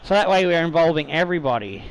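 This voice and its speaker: A man's voice: fairly high pitch, expressive, fast talker, a little hiss or hum, low-quality recording. A man hosting a football video game let's-play in a chatty, rambling way, a bit tipsy with slightly slurred words and casual swearing. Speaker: gaming YouTuber host.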